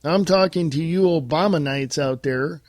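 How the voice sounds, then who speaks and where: Blunt, high-voiced male podcast host. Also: normal speed, a little mellow, dry recording, clean studio sound. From United States. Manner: blunt and combative, addressing listeners directly. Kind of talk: political talk monologue.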